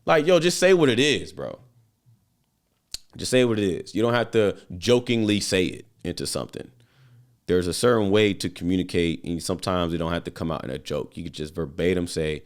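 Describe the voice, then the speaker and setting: Deep-voiced man hosting a slangy talk. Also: animated, moderate pace, a little mellow. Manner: slangy, loose, full of fillers and swearing. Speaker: podcast host. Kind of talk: casual motivational monologue.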